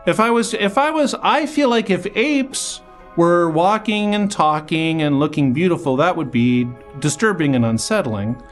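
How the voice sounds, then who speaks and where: A man's voice: fairly high pitch, expressive, moderate pace, faint music behind, lightly acted. A man playing the odd ghost of an old-time pig researcher in improv comedy, needling the other guest with old-fashioned phrasing.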